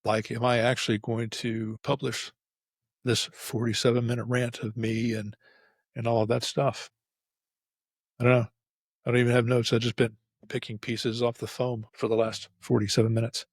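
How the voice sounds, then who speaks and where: A man's voice: medium pitch, little pitch movement, normal speed, vocal fry, dry recording, clean studio sound. A middle-aged man hosting an unscripted solo podcast episode, telling stories candidly and rambling with frequent restarts. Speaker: podcast host. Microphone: facing camera, close mic.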